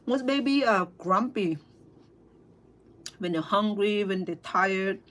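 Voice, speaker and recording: A middle-aged woman with a Cambodian accent, chatting casually with livestream viewers over dinner at home, halting, full of fillers and restarts. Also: mid-range voice, expressive, a bit bright. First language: Khmer. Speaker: cooking vlogger and interpreter. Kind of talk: casual livestream chat while eating.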